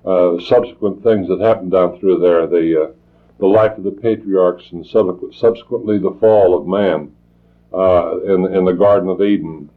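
A man preaching a sermon, talking in a halting way with many restarts and fillers. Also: low voice, fairly even intonation. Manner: halting, repeats words, frequent fillers. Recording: tinny phone-like old tape recording.

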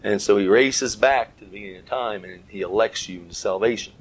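A middle-aged male preacher delivers a Bible teaching talk in an earnest, measured way. His voice is slightly husky and sits a little low. He breaks his thoughts into short phrases and presses on the words that matter. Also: rough recording.

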